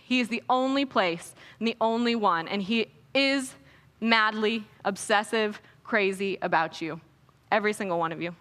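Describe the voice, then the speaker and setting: A young woman speaking at a conference, giving an energetic, playful and earnest inspirational Christian talk on a stage microphone in an echoey hall. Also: medium pitch, normal speed. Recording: echoey hall with long reverb.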